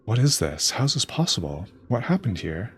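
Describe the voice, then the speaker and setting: A man's voice: fairly low pitch, sing-song, normal speed, a bit bright, a little hiss or hum. A man reading out a proud, grieving male heron prince from a game. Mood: distraught.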